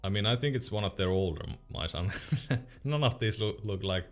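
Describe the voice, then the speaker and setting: A man's voice: lowish voice, a little fast. A young man streaming casually, reading chat questions aloud in a laid-back way and laughing often.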